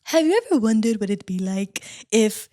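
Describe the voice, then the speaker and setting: A woman's voice: mid-range voice, expressive, normal speed, warm tone, close to an everyday voice. A woman voicing a curious, chatty male slug in a comedy retelling.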